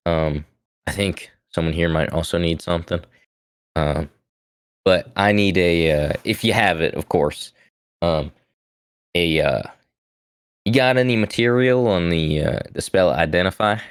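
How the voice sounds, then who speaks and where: A man's voice: low-pitched, a little slow, long pauses, clean tone, no echo, studio quality. A man playing a tabletop role-playing game, talking in character in a laid-back, hesitant way with lots of fillers. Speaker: player. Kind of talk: casual in-character role-play.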